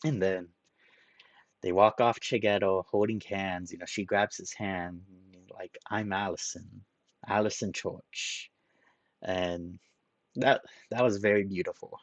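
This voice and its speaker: Man, young adult, deep, emotional, halting, rambling, dry recording. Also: steady tone, no room sound. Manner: rambling, halting with repeats and ums. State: tearful, emotional. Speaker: video reviewer. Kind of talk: emotional solo review.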